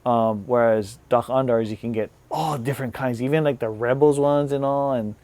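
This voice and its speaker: A man's voice: mid-range voice, fairly even intonation, normal speed, darkish tone, no echo. A man casually chatting to his viewers as a vlogger, rambling and restarting his sentences. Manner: rambling, repeats and restarts words, says "like" often. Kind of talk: casual product review chat.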